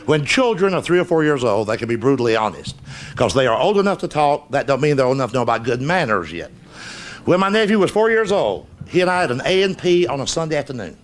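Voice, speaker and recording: A man's voice: medium pitch, quick pace. A man telling stand-up stories in a folksy, cussing drawl, on a stage before a live audience. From Southern United States. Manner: folksy drawl, cussing punchlines, lively delivery. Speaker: stand-up comedian. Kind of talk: stand-up storytelling. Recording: noisy live stage recording.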